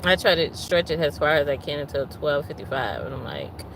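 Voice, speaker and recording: A woman's voice: deep voice, expressive, fairly quick, fairly bright tone, a little hiss or hum, low-quality recording. A woman hosting a casual livestream, chatting and venting while greeting viewers by name. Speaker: livestream host.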